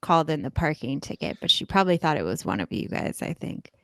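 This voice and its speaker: A woman's voice: low-pitched, big pitch swings, fast, a bit bright, dry recording. A young woman telling a rambling story casually on a comedy podcast, chatty and full of "like". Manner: chatty, rambling, upspeak-laden. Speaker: podcast guest.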